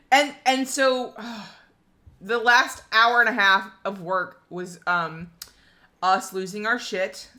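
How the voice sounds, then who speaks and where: Casting: young woman co-host, bright voice, excited storyteller, casual and profane. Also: fairly high pitch, drawn-out words, pauses often. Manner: excited storytelling, swears, says "literally" often. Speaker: podcast co-host. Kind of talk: casual chat.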